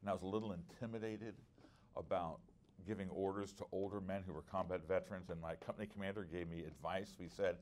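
A man's voice: low voice, fairly even intonation, quick pace, a little mellow, slight background noise. A middle-aged man teaching at a conference workshop, earnest and conversational, with frequent restarts and personal stories. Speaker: preacher.

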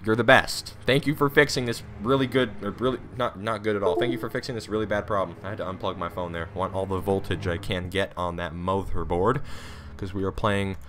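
A man doing excitable, rambling commentary over his own gameplay into a USB desktop microphone at his home computer. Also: low voice, brisk, slight background noise. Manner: rambling, excitable, talks to viewers. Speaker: gaming YouTuber.

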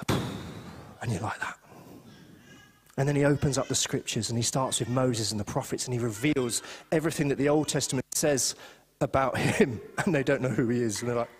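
A man preaching a sermon as pastor, chatty and animated, slipping into little voices for the people he quotes. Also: medium pitch, breathy edge, long reverb tail. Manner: animated, conversational, acts out quotes. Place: church hall.

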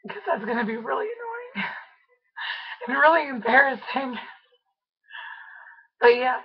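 A young woman with laryngitis, her voice hoarse, squeaky and scratchy, pushing it to half-yelling and a little breathless as she chats casually in a video diary. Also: big pitch swings, unhurried, long pauses, highs cut off. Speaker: vlogger.

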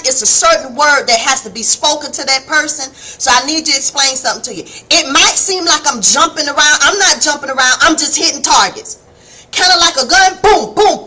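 A middle-aged woman, preaching a folksy, animated devotional sermon on a live stream and calling her listeners baby and honey. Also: high-pitched. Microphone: phone or webcam on a live stream.

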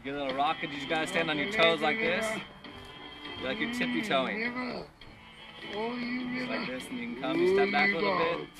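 A man leading an online music lesson for children outdoors, reading a storybook in a lively, encouraging sing-song voice and guiding a dance. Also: sits high, moderate pace, long pauses. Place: outdoors in a park. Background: music playing.

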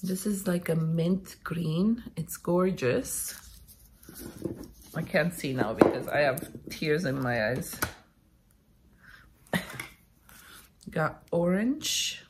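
A woman from Canada opening a parcel of craft supplies, chatting casually and gushing with thanks, a little unwell and clearing her throat. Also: deep voice, a little hiss or hum. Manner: gushing, slow and chatty, frequent thank-yous. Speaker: crafting vlogger opening happy mail. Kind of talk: casual unboxing chat.

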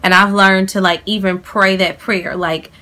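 A woman in her thirties hosting a casual, heartfelt chat at home, chatty and quick to correct details. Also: medium pitch, level tone, bright, forceful tone. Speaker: vlogger, host of the channel.

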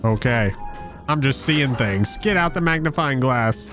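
A man's voice: mid-range voice, animated, unhurried. A young man giving casual let's-play commentary, joking, talking back to the characters and mocking himself. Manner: joking, self-mocking banter with the game. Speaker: gameplay commentator. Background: game music and sound.

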